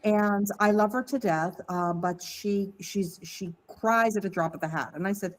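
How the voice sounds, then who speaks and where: A woman's voice: medium pitch, normal speed, few pauses, rough recording. Candid woman telling a personal story. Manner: candid, animated, mimics voices in quotes. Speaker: podcast guest. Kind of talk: casual storytelling.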